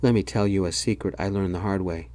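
A man as a calm, gentle boyfriend. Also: deep voice, fast talker, lightly acted. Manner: calm and reasoning. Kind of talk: whispered role-play.

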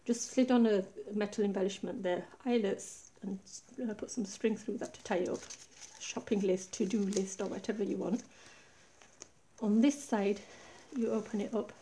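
Picture a woman at her craft table, calmly pointing out each pocket and flap of her project. Her voice is soft and mellow, chatty rather than polished, picked up by a tablet mounted a little way above her. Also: mid-range voice, moderate pace. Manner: chatty, relaxed, pointing things out step by step. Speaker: craft tutorial maker. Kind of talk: casual show-and-tell craft walkthrough. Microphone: tablet camera set high above the desk.

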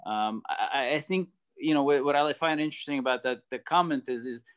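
A man's voice: mid-range voice, brisk, smooth. A male guest and former tennis player talking thoughtfully in a casual chat, with frequent hesitations. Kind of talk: casual video conversation.

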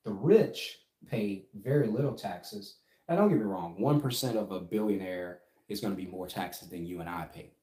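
A man's voice: sits low, moderate pace, warm tone. Emphatic man coaching on business. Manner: emphatic, keeps asking "right?". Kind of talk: casual teaching livestream. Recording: echoey room.

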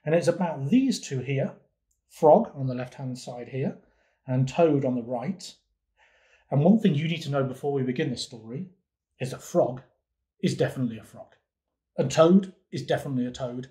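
A man reads a children's picture book aloud at a mid-range pitch. His delivery is gentle and easygoing, and he pauses to point out things in the pictures for young listeners. The tone stays warm and unhurried. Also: expressive. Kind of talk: children's storytime read-aloud.

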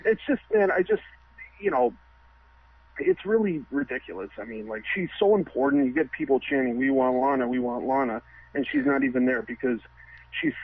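Husky male caller over a tinny phone line. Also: medium pitch, big pitch swings, moderate pace. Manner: ranting, profane, laughing. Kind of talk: ranting call-in.

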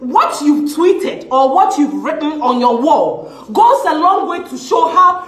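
A woman with a Ghanaian English accent vents to camera in a high voice that leaps up and down as her indignation builds. She is sarcastic and hammers her points by repeating phrases, now and then slipping into Twi. The sound is roomy and echoey. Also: sing-song, unhurried. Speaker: vlogger. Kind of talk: impassioned rant to camera. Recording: echoey room.

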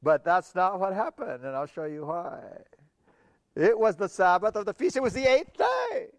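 A man preaching a sermon, telling a Bible story with animated voices for the people in it and laughing often. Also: high voice, normal speed, dry recording, clean studio sound.

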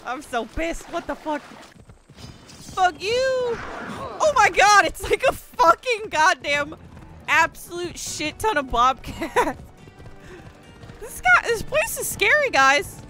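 A woman streaming a video game, commenting on her play in an excitable way, swearing freely and laughing often. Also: extremely high pitch, takes it slowly, pauses often, faint music behind. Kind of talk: live gameplay commentary.

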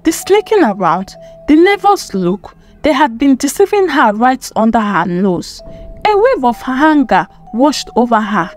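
A woman narrating a dramatic story in an expressive, emphatic way. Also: high voice, unhurried. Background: faint music.

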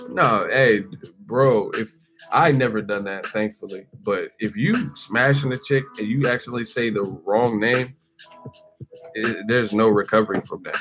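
A man's voice: on the low side, measured pace, fairly bright tone, faint music behind. A man in his forties, host of a boxing channel, ranting casually to camera with jokes and laughter. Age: 40s. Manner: joking, acts out quoted voices, laughs often.

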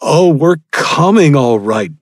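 A man's voice: fairly high pitch, animated, takes it slowly, no room sound, clean studio sound, voice pushed up. A man doing a taunting cannibal leader. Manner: mocking, gleeful taunting. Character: tall menacing male cannibal leader, taunting.

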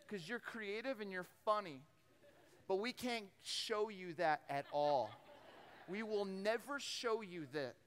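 A man with a very high voice preaches an animated storytelling sermon, acting out different voices and often repeating words as he goes. The recording carries a long hall reverb.

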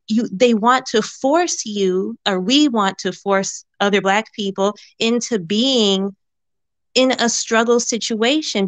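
A woman's voice: medium pitch, dry recording. A woman calling in to a talk show, speaking earnestly and repeating words as she works out her point. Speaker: caller. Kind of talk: call-in conversation.

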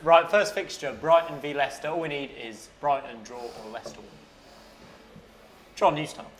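A man's voice: a little high, rough recording. A man hosting a sports panel show, teasing guests and reading out fixtures. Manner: teasing, brisk presenter. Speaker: host.

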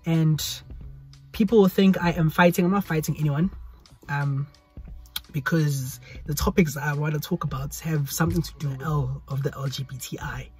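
A man's voice: fairly high pitch, fairly even intonation, normal speed, darkish tone, soft background music. A young man with a South African accent, chatting casually to his phone's selfie camera in a rambling vlog. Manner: chatty, rambling, repeats pleas. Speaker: YouTuber. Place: hot indoor room.

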